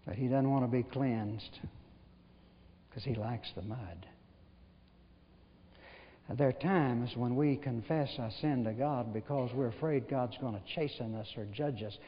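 Man preacher, mid-pitched, homespun storyteller; muffled recording with long church reverb. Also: measured pace, pauses often, slight background noise. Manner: folksy storytelling, rhetorical questions, gentle humor. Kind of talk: sermon.

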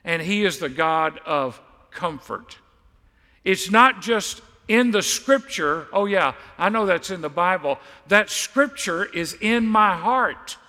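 A man's voice: high-pitched, sharp tone, long reverb tail. A man preaching a sermon as pastor, stressing and repeating key words for emphasis.

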